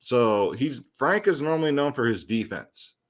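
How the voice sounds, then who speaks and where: Talking at normal speed, a young man with a medium-pitched voice and big pitch swings hosts a fantasy sports picks show. He keeps his picks breakdown loose and slangy, with many ums and digressions.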